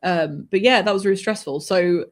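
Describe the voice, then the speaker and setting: Animated woman telling a story. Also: medium pitch, moderate pace. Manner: animated, laughing, swears freely. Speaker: author guest. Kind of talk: conversational storytelling.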